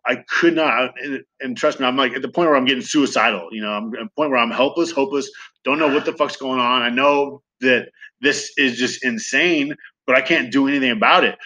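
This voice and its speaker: Man, 30s, rapid-fire candid storyteller, bright, crisp voice, swears freely. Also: mid-range voice, rough recording. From Southern California. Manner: fast, profane, animated retelling with acted quotes. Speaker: guest sharing recovery story.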